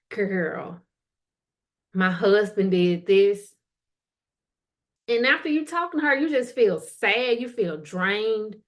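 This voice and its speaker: Casual, chatty woman podcast host. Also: medium pitch. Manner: casual, colloquial, asks the listener direct questions. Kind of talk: motivational podcast monologue.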